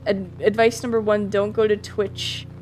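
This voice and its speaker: A woman's voice: mid-range voice, flat delivery, moderate pace, darkish tone, faint music behind. Giggly Midwestern American woman streamer. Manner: giggly, lots of "like" and "um" fillers. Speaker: livestreamer. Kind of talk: casual chat answering viewers.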